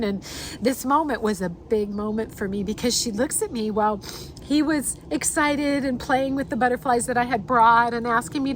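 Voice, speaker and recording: A woman's voice: on the high side, slight background noise. A woman telling a personal story outdoors in a heartfelt, rambling way, with many fillers and restarts. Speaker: artist and host.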